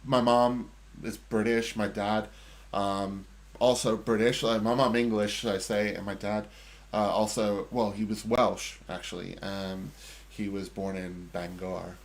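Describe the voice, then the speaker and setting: A middle-aged man with an American accent, chatting casually as co-host, pausing often with fillers and restarts. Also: lowish voice, little pitch movement. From United States. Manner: hesitant, many fillers and restarts. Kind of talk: casual chat.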